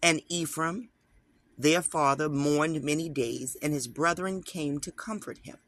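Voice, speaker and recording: A man's voice: a little high, measured pace, fairly bright tone, no echo. A man teaching online, reading an article aloud and breaking off into casual, emphatic commentary aimed straight at his viewers. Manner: conversational, talks to viewers directly, emphatic asides.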